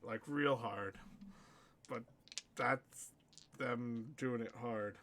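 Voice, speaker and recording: A man's voice: mid-range voice, drawn-out words, heavy background noise. A tipsy man running a casual tabletop game as game master, joking and laughing often. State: tipsy from drinking.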